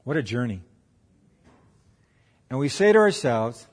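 A man preaching in a church, retelling a story with lively acted-out voices. His pitch sits at a middle level, and a long reverb from the hall follows each phrase. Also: unhurried, pauses often. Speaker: pastor. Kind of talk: sermon storytelling.

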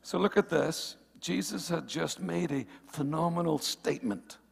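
A man preaching a sermon in church, playful and teasing with the congregation and rising to emphatic shouts. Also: a little high, a little slow, creaky, breathy edge. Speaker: pastor.

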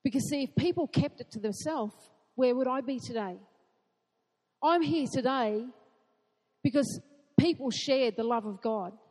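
A woman preaching a sermon in an earnest way, asking rhetorical questions and building to excited emphasis. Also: sits high, measured pace, long reverb tail.

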